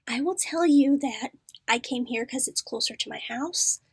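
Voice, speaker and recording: A candid female phlebotomist sharing a hushed confidence, as the storyteller puts her on. Her voice is high and close, with a dry sound. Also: normal speed, breathy edge, no room sound, heavily acted. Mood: confiding. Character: candid hospital phlebotomist woman.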